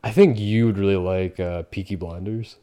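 A man's voice: low voice, steady tone, moderate pace, warm tone. A man co-hosting a podcast in casual, rambling chat full of fillers and swearing. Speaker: podcast co-host.

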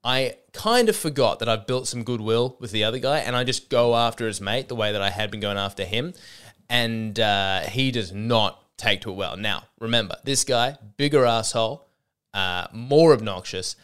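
A young man, a comedian hosting a podcast, telling a stage story in a casual, animated and profane way, often acting out the people he quotes. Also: lowish voice, normal speed, clear, resonant tone.

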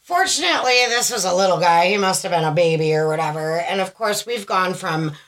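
A woman's voice: fairly low pitch, brisk, heavy background noise. A woman co-hosting a casual mom podcast, telling stories with lots of acted-out quotes and swearing. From US South. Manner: animated storyteller, swears, acts out quotes. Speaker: podcast co-host. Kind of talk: casual chat.

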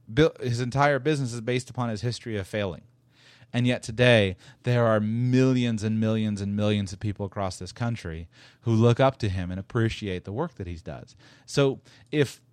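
In a casual solo podcast, a male host with a medium-pitched voice talks with emphasis, rambling, restarting sentences, repeating himself, and chuckling as he makes his points. The recording is studio quality with no echo.

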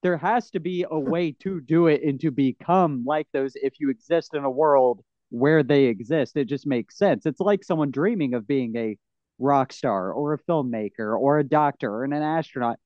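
A man hosting a casual film chat, rambling and excitable, full of "like" and "you know.". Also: medium pitch, moderate pace, dry recording. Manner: excitable, often swears. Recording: slightly dull lo-fi sound.

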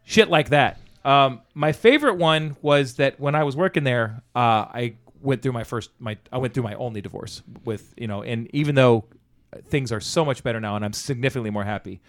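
A man's voice: mid-range voice, brisk. A man telling a profanity-laced story about an old job in casual conversation, acting out the dialogue. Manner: profane, animated anecdote-telling with quoted dialogue.

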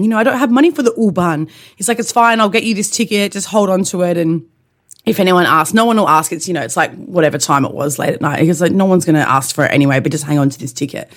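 A woman, telling a long story in casual chat as a podcast co-host and laughing through it. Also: on the low side.

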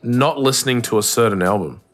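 A man's voice: mid-range voice, brisk, soft background music. A young Australian man co-hosting a podcast in casual chat, joking around and swearing freely into a home mic. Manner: playful, jokey, swearing freely. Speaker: podcast co-host. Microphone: home podcast mic over a call.

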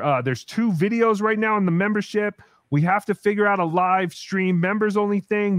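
Brief: male livestream host, high and very animated voice, dry close sound. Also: no room sound. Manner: animated, exclamatory, joking. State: tired. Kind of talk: casual livestream chat.

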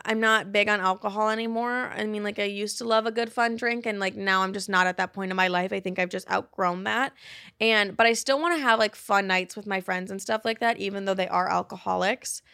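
Young female podcast host, mid-pitched, dry close sound, casual and profane. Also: fairly even intonation, brisk, gravelly, pushed and bright, clean tone, dry recording. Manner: chatty, swears freely, laughs, uses lots of likes. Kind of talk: casual chat. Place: apartment in a big US city.

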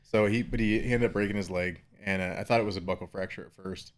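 A man's voice: low voice, steady tone, fast talker. A man in his thirties hosting a casual podcast chat, rambling through a family story with frequent laughs. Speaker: podcast host, father.

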